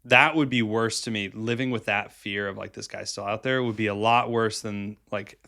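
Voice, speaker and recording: A man co-hosting a podcast, telling a story in casual, animated chat with quick asides and restarts. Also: lowish voice, creaky. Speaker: podcast co-host.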